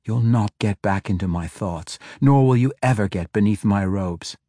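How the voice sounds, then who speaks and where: A man's voice: fairly low pitch, moderate pace, warm tone, no echo, clean studio sound, close to an everyday voice. Defiant cool priestess, as a male narrator puts her on. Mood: firm. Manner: firm, cold, defiant. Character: defiant young woman priestess, cool and proud. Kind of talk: audiobook character voice.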